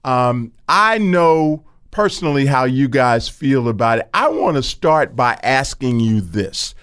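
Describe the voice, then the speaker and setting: A man's voice: medium pitch, animated, a little slow, fairly bright tone, clean tone. A man co-hosting a casual sports talk show, probing with follow-up questions. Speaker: podcast co-host.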